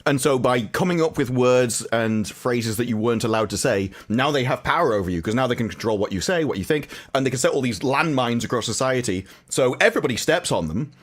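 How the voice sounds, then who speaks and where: A man's voice: medium pitch, animated, brisk, few pauses. A man talking animatedly and opinionatedly in a casual podcast chat, often laughing.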